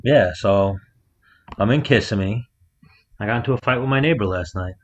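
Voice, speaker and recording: A man with a fairly low voice co-hosts a podcast from a rented house. He tells his story in a loose, profane way and punches up the quotes. The sound is muffled and lo-fi, like a remote call. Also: normal speed, a little hiss or hum. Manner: animated storyteller, acts out quotes loudly. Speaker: podcast co-host. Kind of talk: casual storytelling chat.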